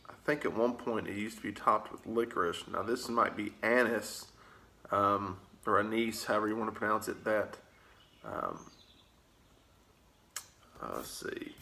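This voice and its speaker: A man's voice: lowish voice, pushed and bright, a little hiss or hum. A man with a Southern US accent chatting casually in an easygoing, rambling way, with plenty of filler words. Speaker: pipe-smoking vlogger. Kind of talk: casual chat.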